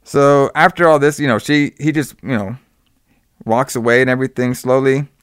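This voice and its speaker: Profane, animated man recapping a movie. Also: medium pitch, moderate pace, clear, resonant tone, dry recording, studio quality. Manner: profane, animated storytelling with quoted voices. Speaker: podcast co-host. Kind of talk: casual movie recap chat.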